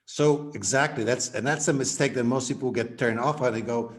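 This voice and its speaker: A man's voice: medium pitch, a little fast, hardly any pauses. A man guest on a podcast interview, a business coach who animatedly acts out sample conversations in quoted voices.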